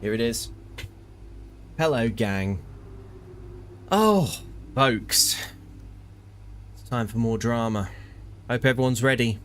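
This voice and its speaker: Playful streamer, jokey, mid-pitched man, desk mic, faint hum behind. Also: animated, a little slow, long pauses, a bit bright. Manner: jokey, mock-grandiose. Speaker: gaming live streamer. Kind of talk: casual live stream commentary.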